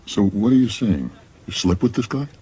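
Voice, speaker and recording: An actor playing a needy, pleading ex-husband in a sitcom. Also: male voice, fairly low pitch, very animated, normal speed, very noisy. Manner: pleading, earnest. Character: wheedling ex-husband man, needy. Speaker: sitcom character.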